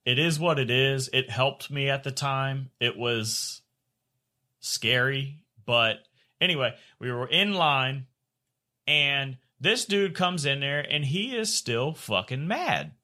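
A man's voice: medium pitch, animated, takes it slowly, bright, forceful tone. A man co-hosting a podcast, telling a crude story in casual chat, swearing and laughing often. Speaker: podcast co-host.

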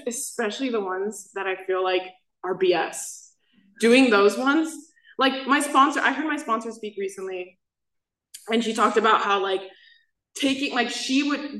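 In a meeting room, a woman in her twenties gives a personal recovery share as the main speaker, rambling and stuffing her talk with "like." Her voice runs on the high side, pushed and bright, and the poor audio carries an echoey room sound.

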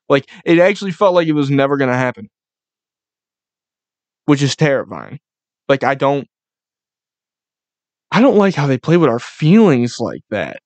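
A young man hosting a casual solo podcast, ranting in a profane, excitable, rambling way. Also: mid-range voice, normal speed, pauses often, no echo. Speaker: podcast host.

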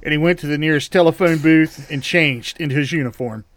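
A man's voice: fairly high pitch, fairly quick, a crowd in the background. A man co-hosting a casual chat, tossing in wry, joking asides. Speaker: podcast co-host. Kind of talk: casual movie-recap chat.

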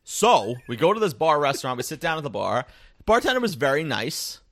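A young man chatting on a podcast, telling stories with animated ups and downs and shouting in disbelief. His voice is bright with a gravelly fry, very expressive in pitch. The sound is close and dry. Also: fairly quick, no echo. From New York area. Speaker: podcast co-host. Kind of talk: casual chat.

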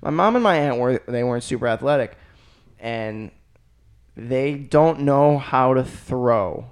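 A man's voice: medium pitch, a little slow, smooth. A young man co-hosting a podcast, telling casual stories and acting out relatives' voices. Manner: animated storytelling, acts out family members' voices. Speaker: podcast co-host. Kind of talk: casual chat.

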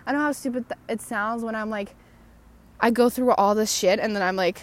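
A woman's voice: mid-range voice, steady tone, normal speed. Rambling, sarcastic young woman podcaster. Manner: chatty, self-mocking, sarcastic, lots of "like". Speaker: podcast host. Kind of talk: rambling personal podcast talk. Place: outdoors, walking at night.

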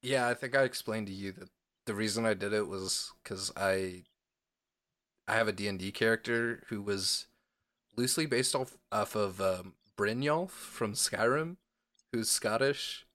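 A man's voice: on the low side, measured pace, fairly bright tone. A man co-hosting a podcast in casual chat, playful and rambling, with a lot of "like" and filler words. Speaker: podcast co-host.

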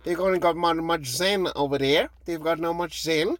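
A man's voice: a little high, normal speed, a bit bright, dry recording, lightly acted. Give me a brash, dismissive rugby coach with a dry close sound, done by a man. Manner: dismissive, cocky. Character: brash male rugby coach brushing off a reporter.

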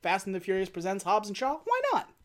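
A fast-talking woman with a mid-range voice co-hosts a casual podcast chat reviewing movies. She uses plenty of fillers and keeps restarting herself in a self-deprecating way.

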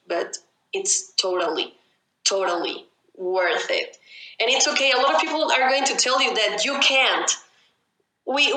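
Casting note: a bright, higher-pitched woman, earnest and encouraging, recorded with room echo. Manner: earnest, encouraging, repeats words for emphasis. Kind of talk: casual motivational chat. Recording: roomy echo.

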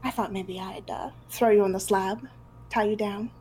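A woman's voice: mid-range voice, steady tone, moderate pace, darkish tone, breathy edge, natural voice, poor audio. A woman voicing a flirty male monster lover in a put-on Italian accent, playful and teasing.

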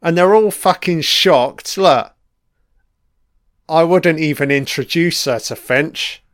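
A man's voice: a little high, slow, fairly bright tone, no room sound, studio quality. A man giving crude, profane live reaction commentary while watching an episode. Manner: crude, profane running remarks.

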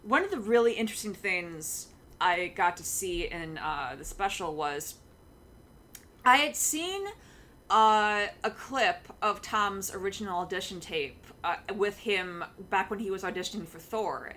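A young woman co-hosting a casual podcast, telling a fan story with lots of filler sounds and excitement. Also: mid-range voice, measured pace, slight background noise. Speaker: podcast co-host.

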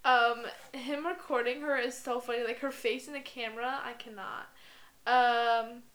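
A woman's voice: on the high side, steady tone, unhurried, fairly bright tone. A woman co-hosting a casual podcast, gushing and giggling through her reactions. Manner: giggly, gushing, lots of fillers. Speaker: podcast co-host. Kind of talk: casual chat.

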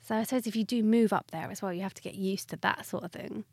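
A young woman from southern England hosts a relaxed podcast chat. She talks in an animated, giggly way, and her voice sounds dry and close to the mic. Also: mid-range voice, fast talker, no room sound. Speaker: podcast host. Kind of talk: casual chat.

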